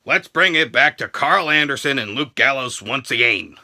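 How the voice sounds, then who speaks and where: A man ranting through a wrestling show review, crude and mocking, breaking into shouts and laughter. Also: medium pitch, expressive, normal speed. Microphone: handheld camera.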